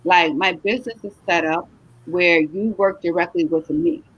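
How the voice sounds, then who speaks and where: The recording is muffled as a middle-aged woman, a travel agency owner, hosts a casual live chat in her lowish, slightly rough voice. She's chatty, animated and encouraging, drawing out words for emphasis, though tiredness shows.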